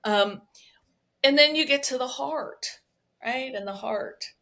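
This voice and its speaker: A woman with a high-pitched, pushed, bright voice speaks slowly as a guest somatic healer in a conversational podcast interview. Her explanations are expressive and dotted with frequent "right?" check-ins.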